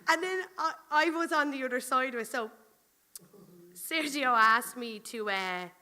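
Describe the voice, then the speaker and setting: Bright-voiced woman preaching. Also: mid-range voice. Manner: animated, chatty, laughs while telling stories. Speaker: pastor. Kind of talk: sermon with personal storytelling.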